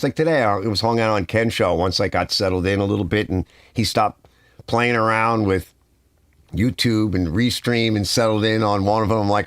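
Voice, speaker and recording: An older man hosting a live stream from his garage, chatting casually and telling rambling, animated stories. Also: fairly low pitch, moderate pace, no echo, studio quality. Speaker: livestream host. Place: home garage.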